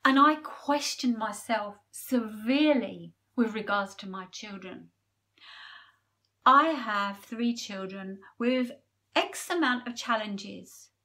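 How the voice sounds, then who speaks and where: A woman giving a personal numerology forecast to camera, talking earnestly and openly emotional, with pauses. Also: a little high, lively intonation, bright, forceful tone. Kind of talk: personal spiritual talk to camera.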